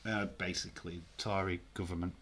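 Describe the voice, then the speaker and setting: A man's voice: low-pitched, little pitch movement, fairly quick, fairly bright tone, slight background noise. A man with a Yorkshire accent hosting a live stream, chatting in a jokey, laid-back way, with frequent fillers and swearing. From Yorkshire, northern England. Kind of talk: casual live stream chat.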